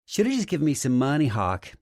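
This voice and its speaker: Guy doing a snide sneering woman, pitched up, mocking. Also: huge pitch swings, fast, a little mellow, dry recording, clean studio sound. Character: sneering scornful woman, a mother. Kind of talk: audiobook character voice.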